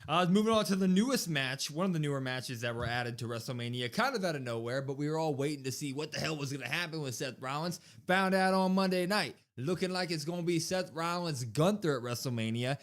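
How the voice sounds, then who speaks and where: A man co-hosting a wrestling podcast, giving opinionated, animated takes in casual chat. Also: fairly high pitch, brisk, few pauses. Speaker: podcast co-host.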